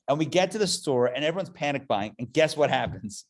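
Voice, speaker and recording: A man, a rabbi, teaching a live adult class in a playful, animated way, full of jokes and rhetorical questions. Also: fairly high pitch, fast talker, hardly any pauses. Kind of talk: live adult education lecture.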